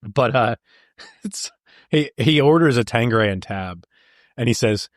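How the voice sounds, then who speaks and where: A man's voice: medium pitch, lively intonation, moderate pace, dry recording, studio quality. A young man co-hosting a podcast, chatting casually about a movie, laughing often and quoting lines, with lots of "like" and "dude.". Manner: says "like" and "dude" a lot. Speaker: podcast co-host.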